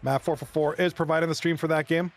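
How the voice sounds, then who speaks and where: A man chatting casually on a live stream, rambling and excitable as he talks with viewers. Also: fairly high pitch, quick pace, soft background music. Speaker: live streamer and league commentator.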